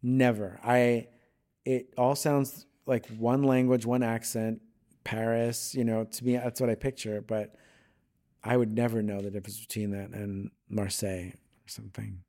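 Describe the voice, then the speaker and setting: A man's voice: on the low side, little pitch movement, a little slow, mellow. A man chatting casually as a guest, rambling a little and slipping into playful bits of accents. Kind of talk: casual conversation.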